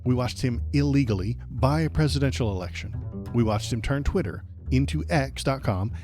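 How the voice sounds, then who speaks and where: A man's voice: mid-range voice, normal speed, music in the background. A man ranting bluntly and sarcastically in political commentary as the host of his stream.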